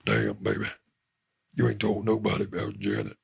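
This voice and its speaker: A man putting on the voice of a huge, muscular husband, with a deep, gravelly growl. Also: very animated, normal speed, exaggerated voice. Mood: calm.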